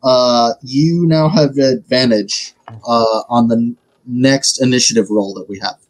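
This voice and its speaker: A man's voice: mid-range voice, a little slow, low-quality recording. Playful man at a tabletop game. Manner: playful, joking. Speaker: player. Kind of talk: casual tabletop game chat.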